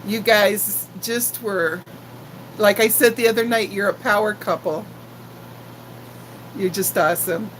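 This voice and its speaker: A woman's voice: medium pitch, measured pace, pauses often, slight background noise, rough recording. A woman in her sixties hosting a casual live stream, chatting affectionately with viewers and greeting them by name. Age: 60s.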